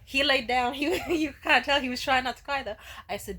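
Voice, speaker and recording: A woman's voice: high voice, quick pace, few pauses, bright, forceful tone. A young woman vlogger telling a candid, profane story in a casual way and laughing often.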